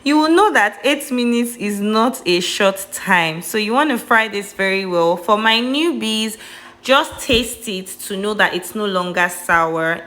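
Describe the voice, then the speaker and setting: Nigerian woman, cooking vlog host, mid pitch, chatty and emphatic. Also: fairly bright tone. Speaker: cooking vlogger. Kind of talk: cooking tutorial voice-over.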